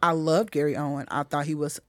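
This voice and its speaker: A middle-aged woman comedian talking in a casual podcast chat, blunt and animated, swearing freely as she tells stories. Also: low-pitched, fairly quick, no room sound. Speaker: comedian guest.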